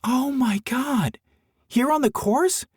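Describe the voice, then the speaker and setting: A chirpy young cart girl, put on by a male audiobook narrator in a raised, lively voice. She talks in a bubbly, fussing way, quick to offer help, in a dry close recording. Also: high-pitched, no room sound, pitched above the performer's own voice, exaggerated voice. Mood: chirpy, concerned. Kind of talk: audiobook character voice.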